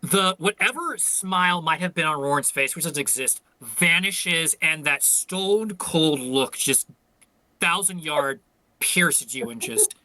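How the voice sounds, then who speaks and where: A man playing a tabletop game, chatting casually and explaining rules in a relaxed way. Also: on the high side, slow, dry recording, low-quality recording. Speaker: player.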